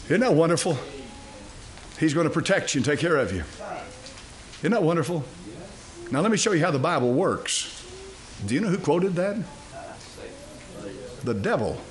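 Male preacher, fairly high voice, folksy and emphatic, fires questions at the congregation. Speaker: pastor. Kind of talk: sermon.

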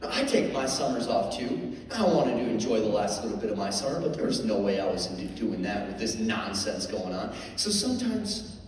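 A middle-aged man, a motivational speaker, telling a comic story to an audience in an animated, jokey way, full of "like" fillers. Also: lowish voice, normal speed, slight background noise. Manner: animated, jokey, many "like" fillers, lively voices for quotes. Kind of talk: comedic storytelling talk to an audience. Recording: echoey hall, mic heard from far off, faint ambience.

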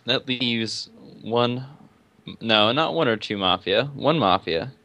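A man's voice: medium pitch, expressive, slow, sharp tone, no echo, dull audio. A man playing a game with friends over voice chat, laid-back and a bit hesitant. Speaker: game player. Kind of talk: casual voice chat while gaming.

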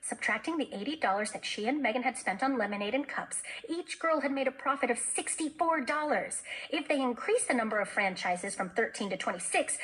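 Expressive woman teacher reading aloud. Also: fairly high pitch, a little fast, hardly any pauses, rough recording. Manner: expressive storytelling. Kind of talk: reading a children's novel aloud.

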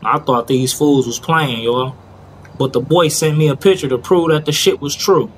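A man's voice: on the high side, normal speed, slight background noise. A man narrating a crime story in casual, profane street slang, often checking in with listeners.

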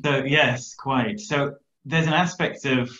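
A man's voice: mid-range voice, fairly even intonation, takes it slowly, fairly bright tone, echoey room, lo-fi sound. A man hosting an online interview, asking questions with hedging, word-searching phrasing. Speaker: interviewer and event host. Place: South America.

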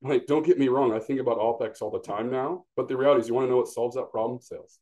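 Texas guy on a podcast, blunt and animated, mellow warm voice, acts out quotes. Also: medium pitch, fast. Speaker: regional sales manager, guest. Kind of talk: casual podcast conversation.

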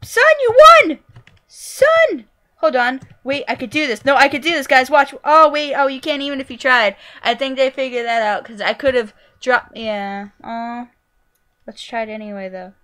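A young woman commentating her own gameplay, goofy and excitable, yelping and squealing at what happens on screen. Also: a little high, normal speed, clean tone. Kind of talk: let's play commentary.

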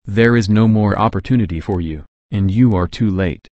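A man voicing Jesus as a calm, fatherly guide, speaking gently and solemnly in a scripted reading. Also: fairly low pitch, moderate pace, no echo, lo-fi sound, close to an everyday voice.

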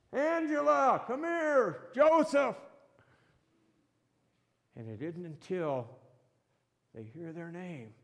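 A male pastor preaching a sermon in a church, slow and emphatic, swinging between loud and soft. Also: sits high. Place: church sanctuary. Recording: long reverb of a church hall.

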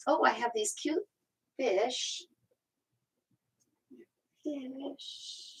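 A woman hosts a crafting livestream, speaking extremely slowly with frequent pauses in a high, breathy voice over poor audio. As she stamps she chats casually to herself and the live chat, slipping in playful made-up sing-song bits.

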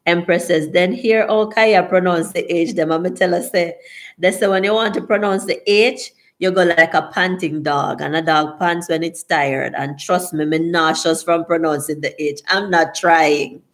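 A woman's voice: on the low side, fairly even intonation, moderate pace. A woman with a Jamaican accent hosting a casual live stream, reading viewers' comments aloud in a chatty way and laughing often. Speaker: livestream host.

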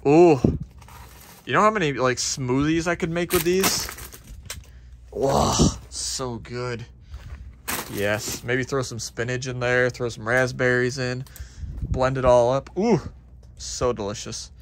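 A man chatting through a casual outdoor vlog, excitable and chatty, with a playfully stubborn streak. His voice sits at an ordinary middle pitch. Clear background noise runs behind him outside. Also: slow, pauses often. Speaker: dumpster diving vlogger. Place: outdoors at a dumpster.

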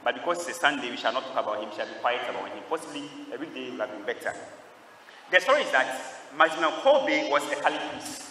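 A man's voice: medium pitch, sing-song, fast talker, bright, forceful tone, a little hiss or hum. A man preaching a sermon to a large crowd, questioning them and drawing answers back in call-and-response. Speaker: priest. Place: large church. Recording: echoey hall, distant mic.

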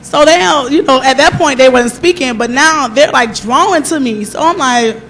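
A woman's voice: high-pitched, moderate pace, a bit bright, slight background noise. A middle-aged woman giving a personal testimony at a church service, telling her story with animation and acting out the lines of the people in it.

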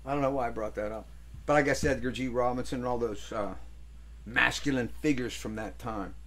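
An older man hosting a casual show, telling rambling stories and breaking into loud voices for the people in them. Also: mid-range voice, fairly quick. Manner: rambling, animated storyteller, swings into loud character voices. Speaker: host. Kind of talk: casual storytelling chat.

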